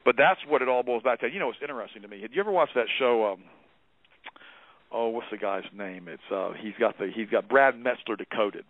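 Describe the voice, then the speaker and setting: A man speaking as a guest on a talk radio show, emphatic and preachy as he rushes through his points. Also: mid-range voice, dry recording. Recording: dry, phone-like narrow sound.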